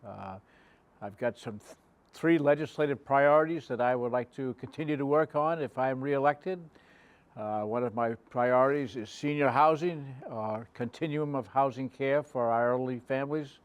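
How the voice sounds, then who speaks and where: A man running for reelection to town council, speaking haltingly with many pauses and fillers. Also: medium pitch, no echo. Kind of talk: candidate statement.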